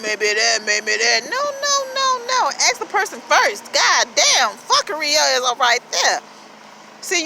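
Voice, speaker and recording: A woman with a high-pitched voice delivers a blunt, repetitive motivational monologue, swearing as she goes. She sounds like she is outdoors, with clear traffic and street noise around her. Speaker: motivational vlogger.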